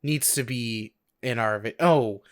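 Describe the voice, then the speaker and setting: A man's voice: mid-range voice, takes it slowly. A man co-hosting a podcast in a goofy, joking way, laughing often. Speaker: podcast co-host. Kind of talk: casual chat.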